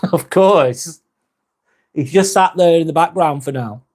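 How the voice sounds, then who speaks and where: Man, live vlog host, casual chat, reads comments aloud, slightly higher voice. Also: slow pace. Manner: chatty, reads viewer comments aloud and answers them warmly.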